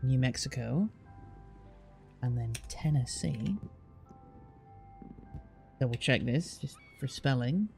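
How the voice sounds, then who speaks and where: A man's voice: medium pitch, animated, slow pace, gravelly, long pauses, a little mellow, faint music behind. A British man live-streaming, reading out place names one by one and chatting casually with his viewers, with the odd swear.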